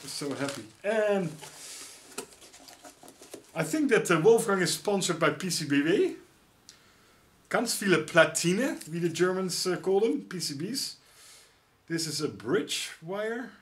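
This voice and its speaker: Excitable middle-aged Dutch man. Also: sits high, a little hiss or hum. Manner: excitable, exclaiming often. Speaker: YouTuber. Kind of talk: casual unboxing vlog.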